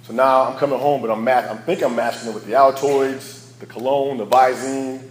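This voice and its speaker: A man's voice: mid-range voice, steady tone, fairly quick, echoey room, rough recording. A man sharing his personal recovery story as a candid, storytelling speaker who laughs at his own past. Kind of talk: personal testimony talk.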